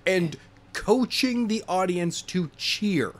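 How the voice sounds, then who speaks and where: A man co-hosting a wrestling podcast, chatting casually with animated, jokey exaggeration. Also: sits high, takes it slowly. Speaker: podcast co-host.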